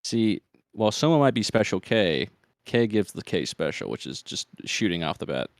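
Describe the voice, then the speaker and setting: A man's voice: fairly low pitch, sing-song, moderate pace, dry recording, studio quality. A man narrating a tabletop game as game master, casual and rambling.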